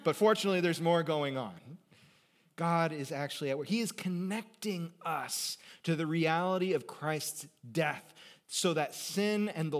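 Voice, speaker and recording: Animated male pastor preaching a sermon. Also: on the high side. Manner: animated preaching, sudden loud emphasis and quiet asides; conversational, jokes with the congregation.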